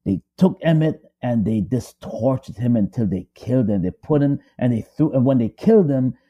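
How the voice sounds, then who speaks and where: A man voicing a man in his eighties haltingly confessing what he was forced to do as a teenager. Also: mid-range voice, animated, muffled recording, close to an everyday voice.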